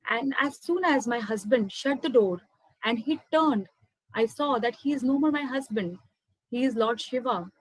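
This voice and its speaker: A woman's voice: a little high, moderate pace, breathy edge, dry recording, poor audio. Emotional woman sharing testimony. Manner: heartfelt, keeps addressing listeners as friends. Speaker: speaker sharing a spiritual testimony. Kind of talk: personal testimony to an audience.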